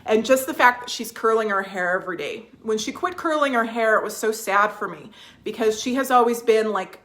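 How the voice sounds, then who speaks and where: A woman's voice: on the high side, fairly quick. A woman vlogging from home, chatting casually with viewers, restarting sentences and reading out their comments. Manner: warm, chatty, reads viewer comments aloud; restarts sentences, fillers, emotional at times.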